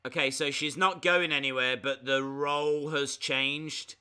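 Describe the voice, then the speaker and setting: Bright, crisp high-voiced man reacting. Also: unhurried. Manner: chatty, excitable, jokey asides. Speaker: live reaction streamer. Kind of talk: casual live commentary.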